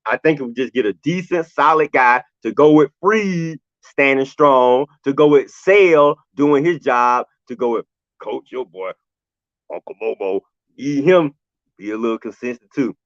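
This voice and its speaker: A man, co-hosting a sports talk stream, ranting emotionally and shouting at his team in casual colloquial speech. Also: medium pitch, moderate pace, dry recording, highs cut off. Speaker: sports show co-host. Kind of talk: impassioned fan rant on a live stream. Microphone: video call.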